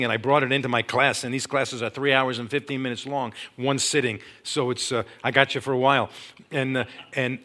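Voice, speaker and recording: A middle-aged man gives a testimony sermon in a bright, forceful voice. His pitch sits right in the middle, and he tells the story dramatically, dropping to a hush and then rising to loud, urgent peaks. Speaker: Christian speaker and former teacher.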